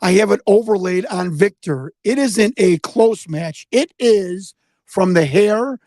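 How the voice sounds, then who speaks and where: A man's voice: sits high, lively intonation, unhurried, darkish tone, no room sound. An American man telling a story in a casual interview, rambling, repeating words and acting out the voices he quotes. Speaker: guest investigator.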